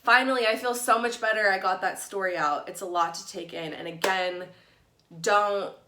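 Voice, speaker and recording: A woman's voice: medium pitch, steady tone, normal speed, reverberant, background noise. A woman vlogger telling a story to camera in a casual, blunt way, full of "like" and swearing. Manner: chatty, peppered with "like", blunt and profane. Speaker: YouTube vlogger.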